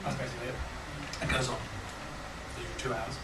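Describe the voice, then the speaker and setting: A man leading a songwriting workshop for a small group, talking in a relaxed, halting way with plenty of ums and restarts. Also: medium pitch, recorded from a distance. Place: large hall with a small group. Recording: echoey room, picked up from afar, noisy.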